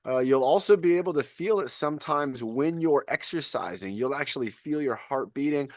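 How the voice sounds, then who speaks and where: A man's voice: medium pitch, expressive, moderate pace, hardly any pauses, no echo, clean studio sound. A man coaching a live online fitness class over a video call, chatty and encouraging.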